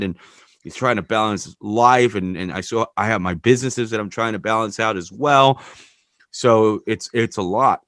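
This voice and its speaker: A man hosts a podcast in a loose, rambling conversation, open about himself and quick to swear. His voice sits low and sounds dry and close, with no room around it. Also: a bit bright, no room sound. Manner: candid, rambling, swears freely. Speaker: podcast host.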